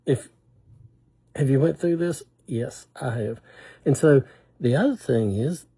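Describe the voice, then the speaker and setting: Older guy rambling on, folksy and joking at himself, kinda husky low-key voice. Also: measured pace, dark tone. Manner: rambling, self-deprecating, folksy. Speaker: humor vlogger. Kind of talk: casual storytelling monologue.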